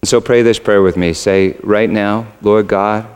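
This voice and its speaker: A man's voice: lowish voice, fairly even intonation, moderate pace, darkish tone. A man preaching as a pastor, earnest and conversational, with casual fillers. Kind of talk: sermon. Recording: echoey hall.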